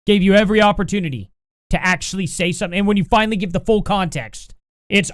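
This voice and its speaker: A man's voice: sits high, fast talker, dry recording, clean studio sound. A man hosting a live stream, reading chat aloud and answering it with combative, sarcastic, exasperated rants, plainly angry. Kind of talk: heated live-stream commentary.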